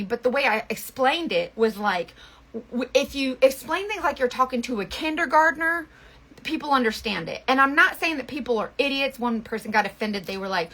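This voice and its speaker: Chatty bright-voiced woman. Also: fairly high pitch, expressive, brisk. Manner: chatty, rambling, lots of fillers and restarts. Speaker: makeup seller and vlogger. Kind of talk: casual storytelling chat.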